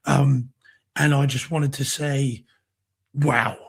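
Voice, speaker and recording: Husky, hoarse man gushing about movies. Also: mid-range voice, level tone, slow. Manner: enthusiastic, effusive. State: voice going hoarse. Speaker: co-host. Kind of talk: casual chat about home theater.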